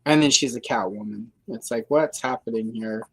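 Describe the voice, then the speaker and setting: A woman hosting a livestream chats casually in a deep bass, husky voice at a moderate pace, rambling and hedging with dry sarcasm, plenty of fillers, and self-corrections. The recording has no echo but is low in quality.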